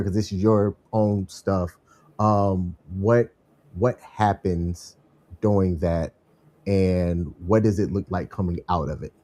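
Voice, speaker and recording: A man hosting an interview, asking questions gently and carefully. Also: lowish voice. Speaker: host.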